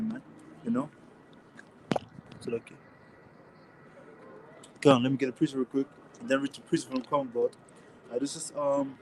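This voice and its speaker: German-accented man, street-preacher type, casual scripture talk, slightly high voice, faint noise behind. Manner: casual slangy talk with many restarts, reads verses louder. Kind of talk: informal scripture teaching.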